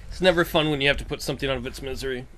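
A man's voice: mid-range voice, racing, fairly bright tone, a little hiss or hum. A man co-hosting a podcast, giving sympathetic, joking replies in casual chat. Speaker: podcast co-host.

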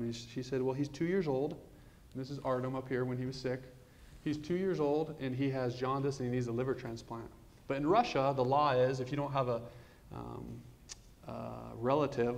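A man in his thirties giving a talk, telling a personal story with halting restarts and quiet asides. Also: medium pitch. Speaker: guest speaker.

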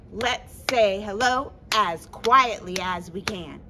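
A woman's voice: medium pitch, takes it slowly, hardly any pauses, noisy background. A woman hosting a children's story-time in an empty library, talking in a playful, exaggerated sing-song way for kids.

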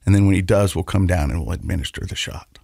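A man's voice: deep voice, quick pace, creaky, warm tone, no echo, studio quality. A man co-hosting a podcast, telling a personal story in a rambling way with restarts and laughter, turning earnest and reflective. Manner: rambling, repeats words, laughs while telling. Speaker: podcast co-host. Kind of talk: casual storytelling.

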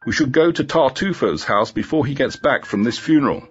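A man reading the lines of a guarded, bitter female police inspector in a storybook, in a calm, low-key way. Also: brisk, highs cut off, faint music behind, close to an everyday voice. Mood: urgent.

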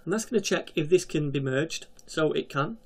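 A man with a slightly raised voice talks through a coding lesson on screen. His delivery is casual and chatty, and he drops quick jokey asides as he clicks through each step. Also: fairly high pitch, lively intonation. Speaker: coding tutorial host. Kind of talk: screen-recorded coding tutorial.

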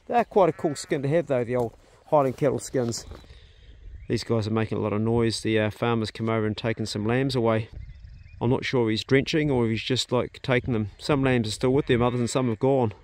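A middle-aged man with a New Zealand accent, chatting in a relaxed, plain-spoken way as he walks around his farm outdoors. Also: mid-range voice, brisk. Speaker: vlogger, farm owner. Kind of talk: casual narration on a farm walk.

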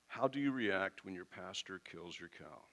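A man's voice: low voice, expressive, normal speed, fairly bright tone. A man preaching a sermon as pastor, talking in a conversational way and briefly acting out little quoted exchanges with the congregation.

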